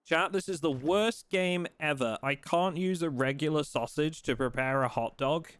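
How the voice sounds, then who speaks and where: A man's voice: on the high side, moderate pace, clean tone, no room sound. A man live-streaming a video game, chatting casually with his viewers and playfully complaining. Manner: playful, mock outrage, talks to his dog in a soft voice.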